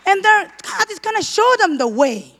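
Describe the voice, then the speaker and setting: A woman preaching a fervent sermon testimony, leaning on repeated emphasis and sometimes breaking into shouted praise. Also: very high-pitched, very animated, moderate pace. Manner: leans on repeated emphasis words.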